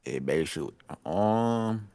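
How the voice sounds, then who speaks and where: A man's voice: lowish voice, expressive, a little slow, mellow, smooth. A man co-hosting a podcast, talking in a laid-back, joking way with plenty of ums and likes. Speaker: podcast co-host. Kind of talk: casual chat.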